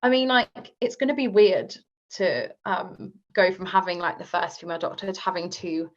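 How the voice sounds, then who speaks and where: A woman's voice: fairly low pitch, normal speed. Chatty woman guest, muffled sound. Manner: chatty, leans on fillers like "like" and "um". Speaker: guest author. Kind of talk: casual podcast interview. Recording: slightly muffled lo-fi recording.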